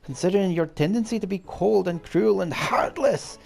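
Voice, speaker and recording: Brief: man doing a lofty, melodramatic fairy royal in a hammy Scottish accent, pitched well up, for a game. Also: normal speed, vocal fry, darkish tone. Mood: scolding, theatrical. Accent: put-on Scottish. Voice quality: high, exaggerated theatrical voice. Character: haughty dramatic fairy ruler, theatrical and scolding. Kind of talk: reading game dialogue aloud.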